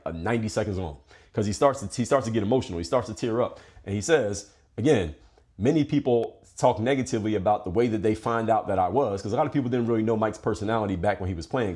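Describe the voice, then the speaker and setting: A man's voice: fairly low pitch, warm tone. A man from Philadelphia hosting a podcast, giving a blunt, profane motivational monologue. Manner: profane, direct, fast-talking. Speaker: podcast host.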